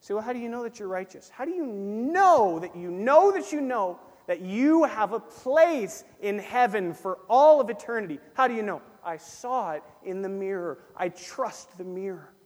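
A man preaches with a fairly high voice, acting out small back-and-forth exchanges and repeating key phrases. His words ring out with a long reverb that fills the church hall. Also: unhurried, hardly any pauses. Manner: animated preaching, acts out little dialogues, repeats phrases. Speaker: pastor. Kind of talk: sermon.

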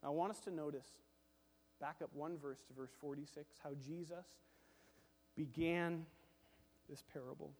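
A man with a high voice delivers a sermon from the pulpit, animated and swinging between loud emphasis and quiet, hushed asides. He slips into quoted voices to act out little scenes. The sound carries a long reverb, as from a large church hall. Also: a little slow, pauses often, slightly rough. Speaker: pastor.

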